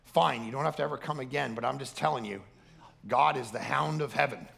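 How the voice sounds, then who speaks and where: A man's voice: medium pitch, fairly quick, creaky, fairly bright tone. A man voicing a firm, determined mother of a teenage son, speaking insistently.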